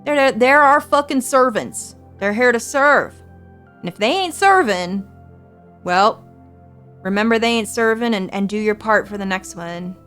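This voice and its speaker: A woman's voice: fairly high pitch, lively intonation, a little slow, a bit bright, soft background music. Streamer, woman in her 40s, earnest reassuring chat, salty language. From United States. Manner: earnest, reassuring, swears freely. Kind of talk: casual chat to stream viewers.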